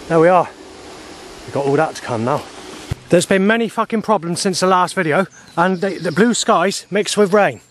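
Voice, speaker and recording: A man's voice: fairly high pitch, noisy background. Agitated swearing man filming outdoors. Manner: agitated, heavy swearing, aggrieved. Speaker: vlogger. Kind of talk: rambling outdoor video diary. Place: outdoors on a walk. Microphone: handheld camera he stops himself.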